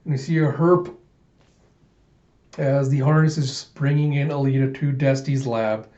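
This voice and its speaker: A man's voice: mid-range voice, steady tone, normal speed, dark tone. A man casually narrating a comic readthrough, chatty and loose, adding sound effects, in a roomy, dull recording.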